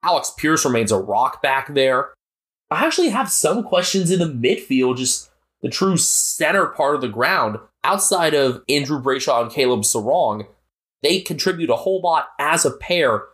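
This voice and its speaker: American guy cohosting a sports podcast, really animated bouncy voice, breaks down plays. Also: fairly high pitch, normal speed. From United States. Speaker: podcast co-host. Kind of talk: casual sports chat.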